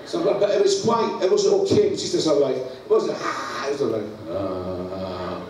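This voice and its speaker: A man's voice: fairly high pitch, lively intonation, fast talker, darkish tone. A Scottish man preaching, telling a funny story with lots of laughter and acted-out sounds. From Scotland. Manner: laughs through his story, acts out sounds. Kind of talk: humorous sermon storytelling. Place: church hall. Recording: echoey church, distant mic, background noise.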